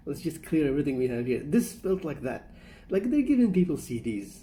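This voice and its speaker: A woman's voice: sits low, big pitch swings, fairly quick, dark tone, a little hiss or hum. A woman reacting to a comedy clip in casual commentary, chatty and amused. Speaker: reaction video host.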